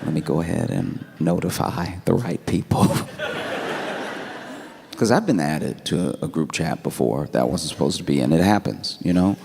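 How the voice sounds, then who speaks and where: A man doing stand-up comedy, telling a story in a conversational, animated way with laughing asides. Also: extremely low pitch, normal speed, vocal fry.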